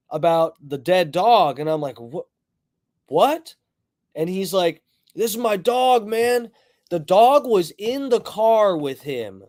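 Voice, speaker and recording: A man on a livestream tells a story in a loose, rambling, profane way, breaking off to greet chat viewers. His voice sits a little high for a man. The sound is dry and close, with little room echo. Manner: rambling, profane, animated retelling. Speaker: livestream host.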